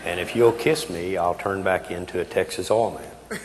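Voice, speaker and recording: A man's voice: sits low, normal speed, lightly acted. An elderly man in his eighties voicing a pleading enchanted male frog in a joke, told in an earnest, plain way. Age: 80s. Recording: reverberant hall, faint noise.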